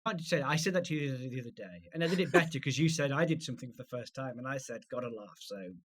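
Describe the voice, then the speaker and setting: A man co-hosting a comedy podcast, telling stories quickly in casual chat and laughing often. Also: mid-range voice, animated, fairly bright tone, a little hiss or hum. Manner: quick anecdotal storytelling with frequent laughs.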